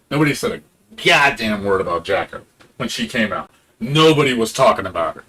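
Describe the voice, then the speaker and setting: A man's voice: lowish voice, lively intonation, fairly quick, sharp tone. A man streaming a game, ranting in a casual, profane and sarcastic way, now and then mocking other people in put-on voices.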